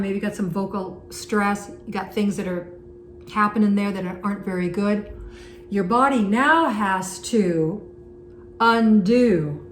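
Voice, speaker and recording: A woman teaching singing in a conversational, encouraging way, breaking off to demonstrate sung vowels. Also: mid-range voice. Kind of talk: vocal lesson with sung demonstrations. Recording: echoey room with faint background noise.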